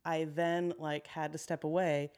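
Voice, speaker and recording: A woman guest on a podcast, a construction business owner telling a work story in a frank, steady way with quick asides. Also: low-pitched, smooth. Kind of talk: candid conversational storytelling. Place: podcast studio.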